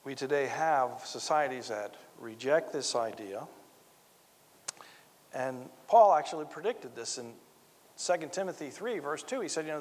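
A man's voice: mid-range voice, unhurried. A man preaching a sermon, earnest and emphatic, driving points home by repeating key phrases. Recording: long reverb of a large hall.

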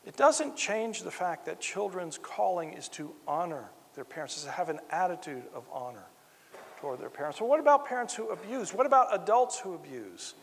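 A man's voice: high-pitched, very animated, fairly quick. A man preaching a sermon, earnest and emphatic, driving points home by repeating key phrases. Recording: long reverb of a large hall.

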